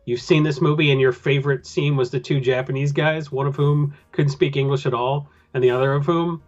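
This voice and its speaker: Male podcast host, loose casual rambler, mid-pitched, slightly muffled recording. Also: fairly even intonation, a little fast, soft background music. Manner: rambling, loose with filler words. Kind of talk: casual chat.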